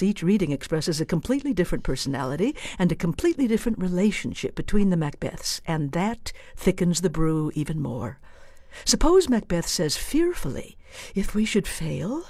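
A woman's voice: fairly low pitch, darkish tone, no echo, studio quality. A woman giving a scripted radio commentary in a playful, wry, theatrical way. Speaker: radio essayist.

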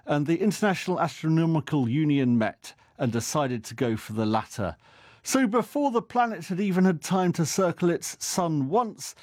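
A man presents a radio science programme with a playful, lively delivery. His pitch sits a touch high and swings freely across each line, and the studio sound is close and dry. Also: dry recording. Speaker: host.

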